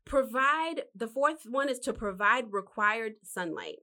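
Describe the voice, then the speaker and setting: Speaking at a measured pace in a slightly high voice, a podcast host offers life advice in a relaxed motivational talk. Her style is spirited and sermon-like, full of rhetorical questions, and she keeps addressing the listener as honey.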